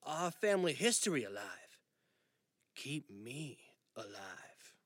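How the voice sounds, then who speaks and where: A man voicing a calm, resolved ailing father. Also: mid-range voice, measured pace, dry recording. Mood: resolved, tender. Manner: steady, gently insistent. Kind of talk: audiobook dialogue reading.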